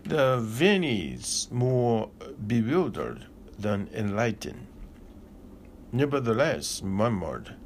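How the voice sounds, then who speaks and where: Man, spiritual teacher, deliberate pauses, very slow delivery, faint background hiss. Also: lowish voice, sing-song. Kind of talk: philosophical discourse.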